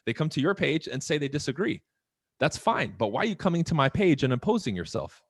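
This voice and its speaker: A man talking in a casual podcast chat, animated and profane, firing off rhetorical questions. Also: a little high, brisk, dry recording. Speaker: podcast guest.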